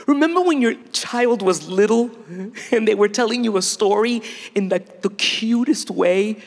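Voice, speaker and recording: A middle-aged woman preaching a sermon in a lively, playful way, laughing often between her points. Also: medium pitch, normal speed. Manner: animated, laughing, playful asides. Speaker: speaker. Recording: long hall reverb.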